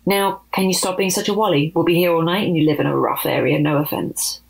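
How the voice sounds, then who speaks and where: A woman's voice: lowish voice, fairly even intonation, brisk, gravelly, slightly rough, low-quality recording. A woman voicing a flamboyant, vain man in a cape who grows impatient, in a storybook reading.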